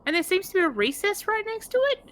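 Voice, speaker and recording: A woman's voice: very high-pitched, sing-song, fast talker, fairly bright tone. A woman streaming a retro game, chatting and telling rambling stories. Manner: rambling, chatty storytelling with fillers. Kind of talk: casual chat.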